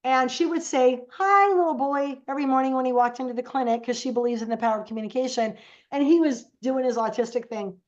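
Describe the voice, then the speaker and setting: Animated storytelling woman, lo-fi sound. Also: on the high side, quick pace. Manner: animated, acts out quoted voices. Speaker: podcast guest. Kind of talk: casual storytelling.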